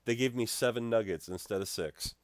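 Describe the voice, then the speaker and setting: A man co-hosting a podcast, telling an animated story in casual chat and laughing as he goes. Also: lowish voice, fairly quick, dry recording. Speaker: podcast co-host.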